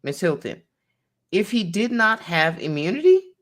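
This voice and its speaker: A woman's voice: on the low side, very animated, a little slow. A woman attorney reading a court transcript aloud in a conversation, naming each speaker as she goes.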